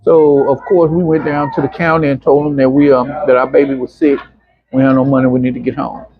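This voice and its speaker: A middle-aged man, an interview guest telling personal stories in a casual, animated way and acting out other people's voices. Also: medium pitch, brisk, husky. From Arkansas, USA. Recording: dull, muffled lo-fi sound.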